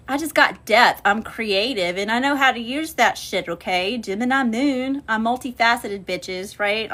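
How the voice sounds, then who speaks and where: This woman has a mid-range voice, a moderate pace, and hardly any pauses. She's a spiritual channeler and livestream host giving a casual tarot reading, animated and profane, and she calls her viewers y'all.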